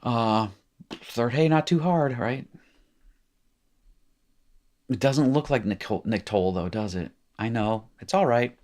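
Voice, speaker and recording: A man's voice: mid-range voice, slow pace, pauses often, a little mellow. A man teaching a recorded language lesson, explaining patiently with small asides and encouraging the listener. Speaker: Hebrew teacher.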